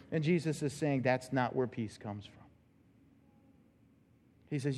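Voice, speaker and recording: A man's voice: lively intonation, measured pace. Man preaching emphatically in echoing church. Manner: emphatic preaching with sudden loud, high bursts. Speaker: pastor. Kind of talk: sermon. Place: church sanctuary.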